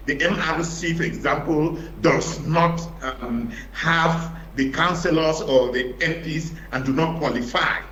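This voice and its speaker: A man's voice: a little high, pushed and bright, a little hiss or hum. Emphatic Cameroonian man on an echoey line. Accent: Cameroonian English. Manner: emphatic, repeats words while searching, many fillers. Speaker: opposition party panelist. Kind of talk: studio panel debate.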